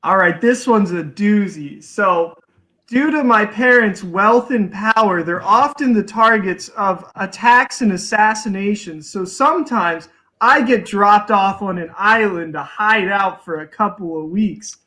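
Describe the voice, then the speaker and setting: A man's voice: high-pitched, sharp tone, rough recording. A man playing a naive, spoiled rich young man on a dating game show sketch. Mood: earnest. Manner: unhurried, politely impressed. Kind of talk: comedy sketch.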